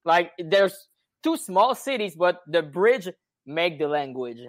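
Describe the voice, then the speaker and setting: Quebec French man, slightly high voice. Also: big pitch swings, takes it slowly. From Quebec, Canada. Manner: hesitant, many fillers and restarts. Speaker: band member guest. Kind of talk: casual podcast chat.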